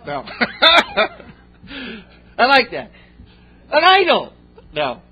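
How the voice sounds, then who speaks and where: A man pastor preaching a sermon with folksy storytelling and jokes, on a slightly dull recording. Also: a little high.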